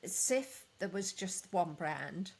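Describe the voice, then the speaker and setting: A woman co-hosting a podcast in casual industry chat, measured and matter-of-fact. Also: lowish voice, lively intonation, gravelly, a little mellow, husky. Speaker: podcast co-host.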